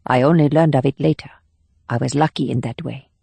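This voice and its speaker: A man's voice: mid-range voice, a little fast, gravelly, husky, dry recording. A male audiobook narrator voicing a cold, ruthless female state agent who speaks in clipped, commanding lines. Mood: measured. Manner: clipped, commanding, flat menace. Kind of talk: audiobook character voice.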